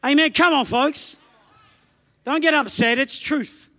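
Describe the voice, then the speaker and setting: A man with an Australian accent preaching a revival sermon in church, telling stories fast and rising to shouted calls, with soft music behind. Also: very high voice. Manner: fervent, rapid storytelling building to shouted calls. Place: church meeting.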